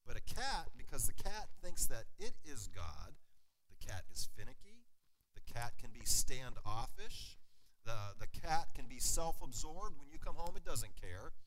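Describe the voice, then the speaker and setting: A man's voice: mid-range voice, measured pace, a little hiss or hum, rough recording. A man preaching a sermon to his congregation, asking them questions and joking with them. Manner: lively, engages congregation with questions and humor. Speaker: pastor. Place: church sanctuary.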